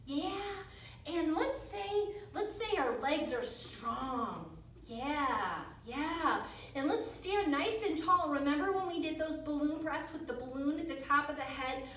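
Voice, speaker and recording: A woman's voice: sits high, lively intonation, unhurried, a bit bright, a little hiss or hum. A woman teaching a children's yoga class, speaking in an encouraging, sing-song way to small children. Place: yoga studio. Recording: very echoey room from far off.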